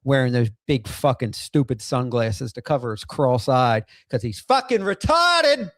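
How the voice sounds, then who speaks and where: This livestream host is a middle-aged man in outpatient rehab who reacts to a clip and reads chat, ranting profanely with heated laughing outbursts. His medium-pitched, fairly bright voice swings widely in pitch at a measured pace, captured as a dry, studio-quality recording.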